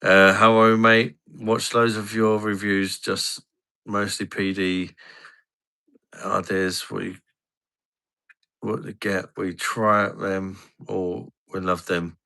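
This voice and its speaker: A man's voice: sits low, little pitch movement, slow pace, creaky, pushed and bright, smooth. A man hosting a casual live stream, reading viewer comments aloud with blunt, crude banter. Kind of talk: casual pub-style live stream chat.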